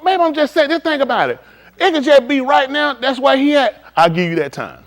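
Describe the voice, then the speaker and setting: A man preaching in a casual, conversational style, swinging from quiet to loud and acting out conversations. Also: very high-pitched, a little fast. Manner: animated, shifting between quiet and loud, acts out dialogue. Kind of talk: livestreamed sermon.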